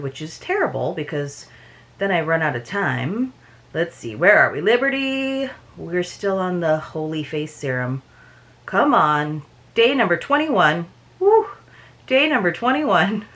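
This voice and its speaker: A woman's voice: fairly low pitch, a bit bright. A woman vlogger in a casual unboxing chat, talking in chatty, rambling asides.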